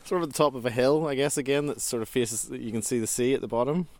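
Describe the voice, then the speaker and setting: Guy rambling outdoors, laughs a lot, normal pitch, loose chatty stories. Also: fast, a little mellow, no echo. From Northern Ireland. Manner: rambling, laughs often, trailing restarts. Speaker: guest. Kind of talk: casual reminiscing. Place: outdoors in a park on a hilltop.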